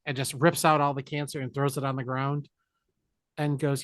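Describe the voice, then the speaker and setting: Animated man recapping a movie. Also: medium pitch, moderate pace, no echo, studio quality. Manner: animated, jokey retelling with put-on character lines. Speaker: podcast co-host. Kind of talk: casual movie recap chat.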